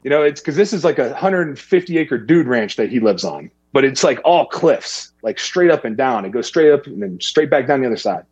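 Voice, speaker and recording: A man's voice: medium pitch, fairly quick, few pauses, husky, no echo. A man telling a long outdoor story in a casual, rambling way, acting out the people he quotes. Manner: rambling, animated when quoting others. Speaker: guest.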